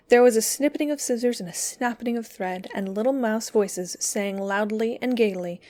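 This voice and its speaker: A woman's voice: on the high side, moderate pace, hardly any pauses, darkish tone. Woman reading a children's story. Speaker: storybook reader.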